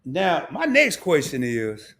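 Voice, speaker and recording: A middle-aged man hosts a casual live stream, chatting straight to his viewers. His voice sits high and gravelly and swoops widely as he talks. He laughs often and repeats words as he works through his thoughts. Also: wildly swooping pitch, slow, a bit bright.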